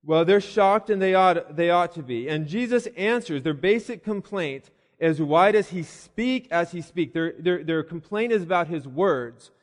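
High-voiced preacher in a church hall. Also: male voice, animated, unhurried, few pauses. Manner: storytelling with voiced asides and hesitant restarts. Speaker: pastor. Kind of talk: sermon. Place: church building. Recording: long reverb of a church hall.

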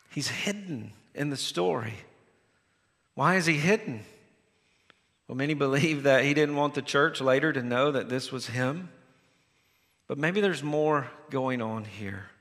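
A male pastor preaching a sermon in a church sanctuary, telling the story with animated energy and acting out the scenes. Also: a little high. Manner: animated storytelling, acts out the scenes with sudden restarts. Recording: long reverb of a large hall.

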